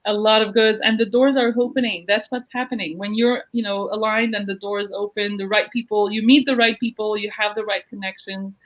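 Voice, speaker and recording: A woman's voice: medium pitch, steady tone, brisk, few pauses, dull audio. A woman hosting a live video-call interview, gushing and effusive in manner. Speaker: host of an online interview show. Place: at home in Jerusalem.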